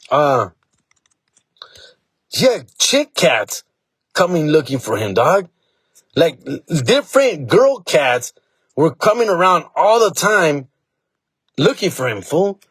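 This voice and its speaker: A man's voice: mid-range voice, husky, no echo. A middle-aged man, telling stories as a comedian hosting his own podcast, slangy and laid-back, slipping in Spanish phrases. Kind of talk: casual solo storytelling.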